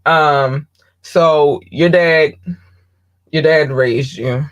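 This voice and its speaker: A woman hosting a podcast, talking bluntly and candidly in a casual monologue, swearing freely and often pausing with ums. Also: low voice, steady tone, highs cut off. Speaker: podcast host.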